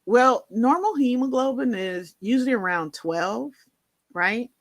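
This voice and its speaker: A woman's voice: a little high, expressive, unhurried, no echo. A woman telling a personal story in a candid, conversational way, with many fillers and asides. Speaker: vlogger.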